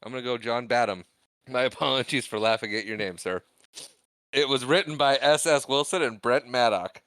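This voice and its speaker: This medium-pitched man talks at a normal pace in a smooth, slightly bright tone as co-host of a relaxed movie podcast. He laughs a lot, is self-deprecating and reads out the credits, and the recording has no echo.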